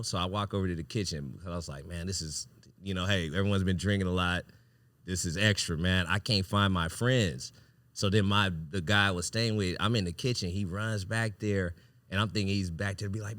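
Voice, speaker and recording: Male podcast host, lower voice with a bright edge, animated and profane storyteller. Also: fairly quick, dry recording. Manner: animated, profane, laughs often mid-story. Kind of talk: casual storytelling.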